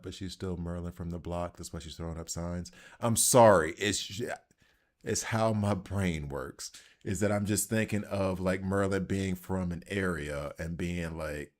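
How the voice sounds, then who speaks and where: Deep-voiced Southern man narrating gameplay. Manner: rambling, self-deprecating, chatty. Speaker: gaming channel host. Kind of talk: casual gameplay commentary.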